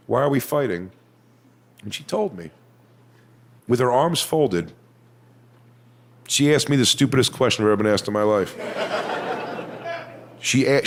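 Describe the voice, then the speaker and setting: A man performing a stand-up comedy set on stage, telling crude, swaggering stories and sometimes mocking people in high put-on voices. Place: comedy stage before a live audience.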